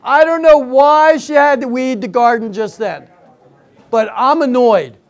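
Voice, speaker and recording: Older man doing high-pitched stand-up. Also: measured pace. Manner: chatty storytelling, banters with the audience. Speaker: stand-up comedian. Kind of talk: stand-up comedy routine. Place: senior center hall before a live audience.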